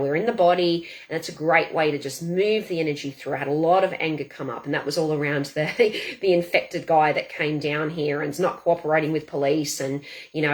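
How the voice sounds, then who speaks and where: A woman guiding a tapping session, saying affirmations aloud in a slow, deliberate rhythm. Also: sits low. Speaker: tapping coach. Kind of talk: guided tapping demonstration.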